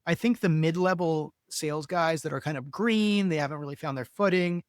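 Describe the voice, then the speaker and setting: A man's voice: a little high, fairly quick, smooth, no echo, studio quality. A man from the Philadelphia area hosting a podcast, chatty and self-assured, rambling with many fillers. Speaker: podcast host. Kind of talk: casual interview talk.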